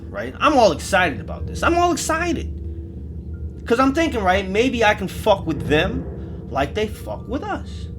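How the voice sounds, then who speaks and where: A man telling a comedic first-person horror story, profane, jumping between loud outbursts and hushed asides. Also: sits high, sing-song, a little slow, background noise.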